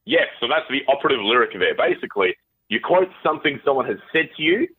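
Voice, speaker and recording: A man calling in as a guest, explaining a social media trend in a relaxed way. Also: mid-range voice, fast, background noise. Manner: relaxed explaining, with uh fillers and laughs. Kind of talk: casual explainer chat. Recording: phone line.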